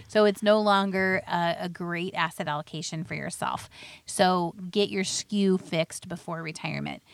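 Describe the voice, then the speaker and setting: A woman's voice: on the low side, no echo. A woman hosting a financial radio show, explaining retirement planning in plain words and telling stories about clients. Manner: plainspoken, tells client stories, laughs lightly. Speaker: financial advisor and radio host.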